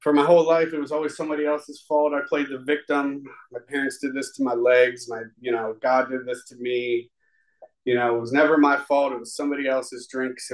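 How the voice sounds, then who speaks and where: A man's voice: medium pitch, low-quality recording. Guy sharing his recovery story to a crowd, heartfelt, keeps restarting sentences. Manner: rambling and heartfelt, with many restarts. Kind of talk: personal testimony to a live audience. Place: room with an audience.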